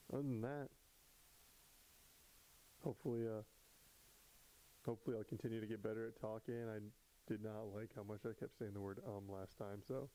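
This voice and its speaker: A man's voice: lowish voice, dark tone, slight background noise, low-quality recording. A man hosting his own vlog from home, chatting casually and rambling with many fillers and restarts. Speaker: vlog host. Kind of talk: casual solo chat.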